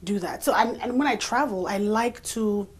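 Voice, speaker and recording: Young woman guest chatting away, expressive, keeps restarting, laughs a lot. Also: medium pitch. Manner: lively and expressive, quick restarts, laughs easily. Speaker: interview guest, actress and voice artist. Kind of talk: casual interview chat.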